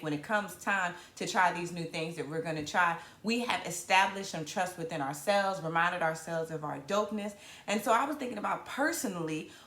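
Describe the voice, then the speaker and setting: A woman comedian from Virginia in her thirties, hosting a casual live stream in a playful, animated way. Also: fairly low pitch. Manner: animated, playful, southern-tinged slang with hype-up exclamations. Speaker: comedian and show host. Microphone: camera mic on a live stream. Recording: roomy echo.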